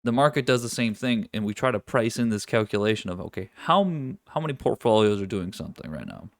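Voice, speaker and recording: A man with a fairly low voice and a dry, close sound talks through market analysis on a live trading stream. He is casual and loose, swears now and then, and keeps restarting his sentences as he thinks aloud. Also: expressive, fast, dry recording.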